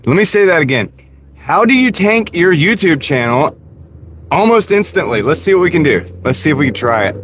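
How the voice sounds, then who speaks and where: A man's voice: on the high side, big pitch swings, fairly quick, fairly bright tone. A man and gig delivery driver streaming live from his car, chatting casually and joking at his own expense while greeting viewers by name. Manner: joking, self-mocking, talks to chat by name. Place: inside a car. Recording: car road noise.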